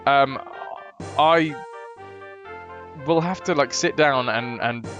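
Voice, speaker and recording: A man's voice: mid-range voice, slow pace, music in the background. Laid-back chatty male streamer. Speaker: live streamer. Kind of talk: casual live-stream chat. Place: hotel room.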